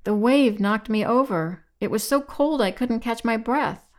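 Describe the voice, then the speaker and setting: A woman's voice: on the high side, a little slow, pitched above the performer's own voice, natural voice. A woman voicing a distraught woman just pulled from the sea, wailing and weeping as she pleads. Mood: tearful.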